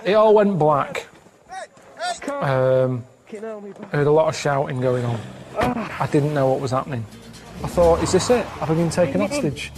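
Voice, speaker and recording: A man telling rambling stories in a deadpan way during casual comedic chat on a radio show. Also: a little high, normal speed, pauses often, noisy background.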